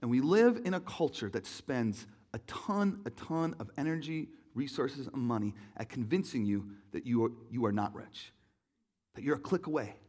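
A young man preaching a sermon in an auditorium, telling stories in an animated way and acting out voices. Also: medium pitch, moderate pace. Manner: animated storytelling, acts out voices, laughs along. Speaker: pastor.

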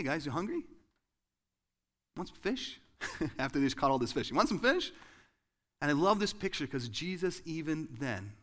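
Animated male preacher, loud then hushed. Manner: animated, swings from loud excited bursts to hushed low lines. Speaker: pastor. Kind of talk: sermon.

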